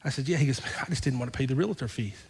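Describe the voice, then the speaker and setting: A male pastor preaching a sermon, telling a personal story and acting out both sides of the conversations, then building to fervent, loud preaching. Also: mid-range voice, racing, breathy edge, big-room sound.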